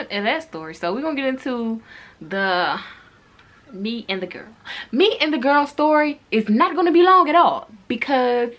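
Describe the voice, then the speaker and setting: A woman's voice: mid-range voice, fairly bright tone. A young woman telling a casual storytime to her viewers, candid and profane, talking straight to them. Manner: candid, profane, chatty, addresses viewers directly. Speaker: vlogger.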